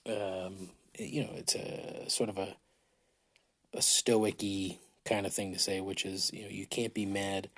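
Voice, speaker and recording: A man's voice: low voice, fairly even intonation, measured pace, a bit bright. A man hosting a casual solo podcast, rambling and swearing with self-mocking humor, his throat dry, recorded on a phone in a large hotel room. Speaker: podcast host.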